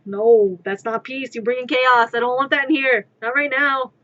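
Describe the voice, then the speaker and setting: Bright-voiced woman chatting on stream. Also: high-pitched, steady tone, moderate pace, lo-fi sound. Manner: rambling, playful, talks to her cat. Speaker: crafting streamer and artist. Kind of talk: casual live-stream chatter. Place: her own room.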